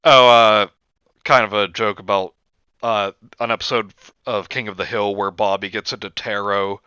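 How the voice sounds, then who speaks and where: A man's voice: lowish voice, fairly even intonation, normal speed, sharp tone, smooth, dry recording. A man reading a book aloud to friends and mocking it with laughing asides in casual chat. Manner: mocking, laughing asides while listing items.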